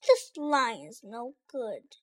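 A cowardly male lion from a storybook, put on by a woman stammers out his words in fear. His voice sounds high and anxious rather than fierce. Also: sing-song, extremely slow, exaggerated voice. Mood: timid. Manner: fearful and stammering. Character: timid, stuttering male lion.

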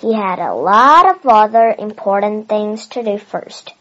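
A woman with a Chinese first language reading a children's novel aloud in a careful, expressive way. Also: medium pitch, unhurried, faint music behind. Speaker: storybook reader. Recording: dull lo-fi recording.

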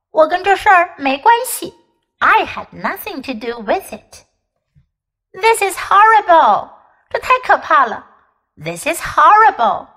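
A woman teacher reading a children's chapter book aloud and leading an English lesson, speaking clearly and patiently and repeating phrases for learners. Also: sits high, pushed and bright, rough recording. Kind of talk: bilingual storybook reading and lesson.

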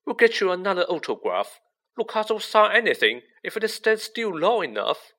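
A man's voice: high-pitched, sing-song, normal speed, sharp tone, voice pushed up, exaggerated voice. A man reading a story aloud, voicing a blunt young schoolboy who speaks sharply and gets outraged. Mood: teasing. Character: indignant freckled schoolboy, loud and blunt.

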